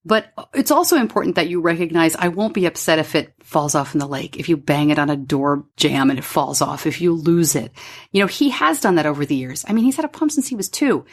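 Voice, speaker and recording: A woman's voice: low-pitched, brisk. A middle-aged woman hosting a podcast from her home studio, candidly telling a personal story and acting out the dialogue. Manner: candid, animated, acts out quoted dialogue. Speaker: podcast host.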